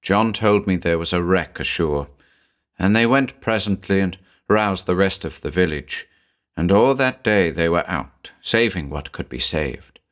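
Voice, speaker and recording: A man voicing an anxious village mother who recounts events in a hushed, uneasy way. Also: deep voice, expressive, a little slow.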